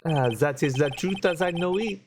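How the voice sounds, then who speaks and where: A fussy, flamboyant French restaurant owner from a video game, as a man reads him aloud. The put-on French accent is thick and playful, with French words sprinkled into the English, in a fairly high voice. Steady noise runs under the recording. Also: moderate pace, vocal fry. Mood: theatrical. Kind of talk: reading game dialogue aloud.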